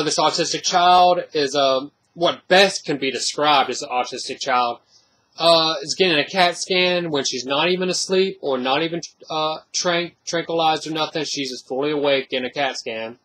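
A man's voice: on the high side, moderate pace, fairly bright tone. Rambling, blunt male movie reviewer. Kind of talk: casual spoken movie review.

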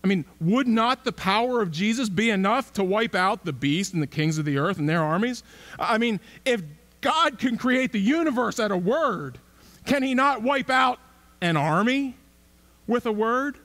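A man's voice: high voice, expressive, moderate pace, a bit bright. A male pastor giving a conversational sermon, asking rhetorical questions and repeating himself for emphasis. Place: church sanctuary.

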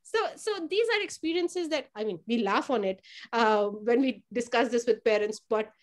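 A woman who runs a child care program, telling stories about the children in a lively conversational way, acting out quotes and often repeating words. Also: fairly high pitch, normal speed. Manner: animated storyteller who acts out quotes in a raised voice; repeats words while thinking. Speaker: family child care provider. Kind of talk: conversational testimonial.

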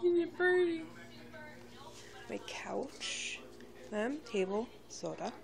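A woman vlogging casually to her camera, rambling with many fillers and restarts in a fairly monotone voice. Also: a little high, takes it slowly, creaky. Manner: monotone, by her own account; quiet, subdued and near a whisper. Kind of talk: casual home vlog talk.

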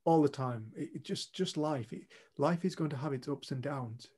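Speaking candidly to a group, a man co-hosting a retreat shares a story in a blunt, earnest manner with casual swearing. His voice is on the high side, a little mellow with a breathy edge, at a moderate pace.

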